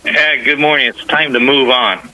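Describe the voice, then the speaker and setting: A man's voice: mid-range voice, steady tone, normal speed, bright, forceful tone, a little hiss or hum. A man calling in to a radio show, talking earnestly and meandering. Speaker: caller. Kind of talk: casual call-in chat. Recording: phone line.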